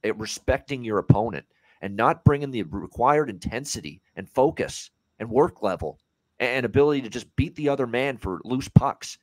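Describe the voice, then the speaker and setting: A man's voice: medium pitch, lively intonation, moderate pace, no echo. A man co-hosting a sports betting podcast, ranting in heated, casual talk and swearing freely.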